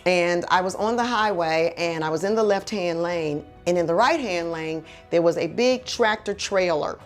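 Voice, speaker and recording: A woman's voice: fairly low pitch, normal speed, faint music behind. A woman preaching a heartfelt sermon, telling her own story and then leading a prayer in an earnest, exhorting way.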